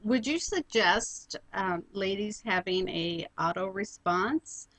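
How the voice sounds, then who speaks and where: A woman hosts an interview, asking friendly questions with frequent ums and pauses. Her voice sits at a middle pitch. The sound is dry and close. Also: lively intonation, a bit bright, dry recording, poor audio. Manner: friendly, hesitant, many ums and uhs. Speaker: radio show host. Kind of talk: interview conversation.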